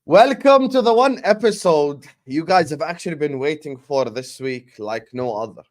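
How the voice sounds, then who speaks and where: A young man hosting a casual football debate livestream, animated and full of banter and fillers, while fasting. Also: on the high side. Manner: animated, banter-heavy, lots of filler phrases. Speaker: football podcast host.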